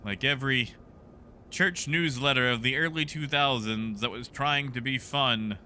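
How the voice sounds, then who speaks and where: Bright, slow, joking male streamer. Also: mid-range voice, slight background noise. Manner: joking, riffing on chat messages. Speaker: game streamer. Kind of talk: casual chat with live viewers. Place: home setup.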